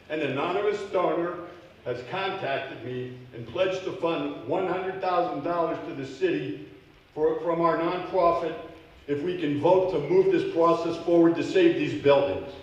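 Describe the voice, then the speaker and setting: A man's voice: fairly high pitch, lo-fi sound, slight background noise. A man speaking off the cuff during public comment at a city council meeting, emotional and indignant. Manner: off-the-cuff, heated, grows loud and indignant. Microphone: podium microphone. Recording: echoey council chamber from far off.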